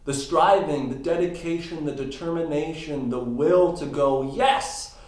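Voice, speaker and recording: A man's voice: a little high, steady tone, moderate pace, darkish tone. Man coaching in a roomy echo. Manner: reflective, explains ideas step by step with emphatic rises. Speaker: voice and life coach, podcast guest. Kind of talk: casual interview talk.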